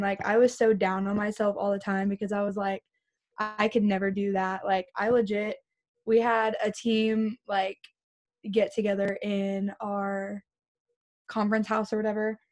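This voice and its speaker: A woman's voice: mid-range voice, darkish tone. A young woman on a group video call, chatting casually in a rambling way, full of "like". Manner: rambling, fillers like "like" everywhere. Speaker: team member sharing her story.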